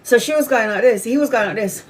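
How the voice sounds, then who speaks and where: A woman's voice: a little high, fast, husky, low-quality recording. A tarot reader, a woman, telling a story casually with many restarts and fillers.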